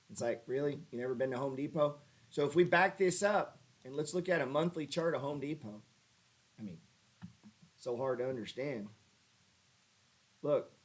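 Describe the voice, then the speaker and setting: A man hosting a casual trading livestream, talking over charts with sarcastic, profane asides and mocking jabs at his viewers. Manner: animated pitch jumps when ribbing viewers. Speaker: stock trading livestream host.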